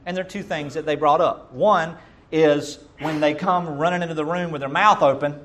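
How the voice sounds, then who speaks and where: A middle-aged pastor delivers a sermon in a fairly high voice for a man. He preaches emphatically, jumping from loud, punchy lines down to soft, murmured asides. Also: steady tone, normal speed.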